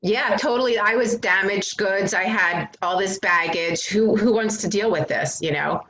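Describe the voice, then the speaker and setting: A woman as an interview guest, candidly retelling her recovery story in an earnest, animated way with frequent fillers. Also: mid-range voice, normal speed. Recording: echoey room.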